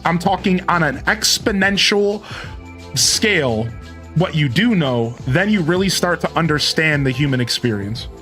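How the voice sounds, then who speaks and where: A man's voice: a little high, fairly bright tone. A man in his thirties rambling casually with his live-stream viewers, chuckling and thanking them by name. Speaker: game streamer.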